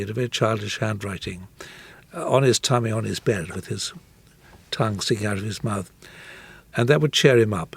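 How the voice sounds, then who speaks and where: A man recalling someone he knew in a gentle, unhurried interview. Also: on the low side, vocal fry, husky, no echo. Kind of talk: reflective interview talk.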